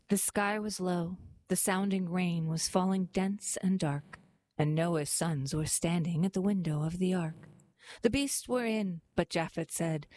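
A woman volunteer reader reciting poems in a measured, expressive way. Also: on the low side. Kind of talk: reading poetry aloud.

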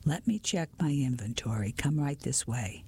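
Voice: mid-range voice, expressive, normal speed, warm tone, slightly rough, no echo. A reader voicing a fussy, apologetic male antique dealer in a whispered role-play storybook reading. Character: flustered older male antique shop owner.

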